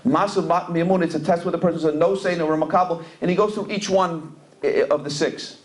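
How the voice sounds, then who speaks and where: Talking fast in a steady, slightly high voice, a middle-aged rabbi tells stories in a Torah lecture at a community center event hall. His English is mixed with Hebrew and Yiddish terms, and he repeats words while searching for phrasing.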